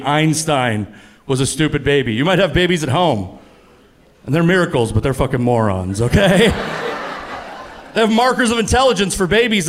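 Man doing punchy stand-up comedy. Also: a little hiss or hum. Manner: animated, punchy delivery that jumps up in pitch on punchlines. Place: comedy club stage before a laughing audience.

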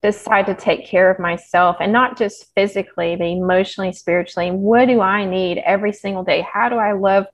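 A woman's voice: mid-range voice, fairly quick, hardly any pauses. A woman guest talking openly and animatedly in a casual interview about her health journey, laughing as she tells stories. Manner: open, animated storytelling with laughs. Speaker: podcast guest, health practitioner.

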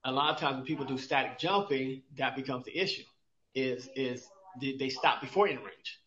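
A mid-range, slightly bright male voice at normal speed belongs to a podcast co-host who is an exercise expert. Chatting casually about exercise, he keeps restarting and asking himself rhetorical questions. The recording has a roomy, dull, lo-fi quality.

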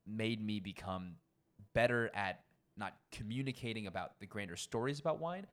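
A young man, a sommelier, telling work stories in a casual interview, animated and acting out the people he quotes. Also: fairly low pitch, normal speed. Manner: animated, acts out quoted people, frequent swearing. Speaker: guest sommelier.

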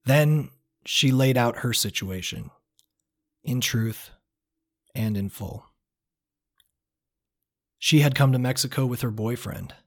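A man reading his own first-person travel story aloud in a reflective, measured, quietly earnest way. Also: medium pitch.

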